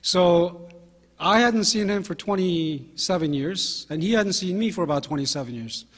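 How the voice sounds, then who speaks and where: A man in his fifties, a pastor telling anecdotes in a relaxed sermon, with fillers and self-deprecating humor. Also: sits high, moderate pace. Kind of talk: conversational sermon storytelling. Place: church sanctuary. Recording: long hall reverb from a church.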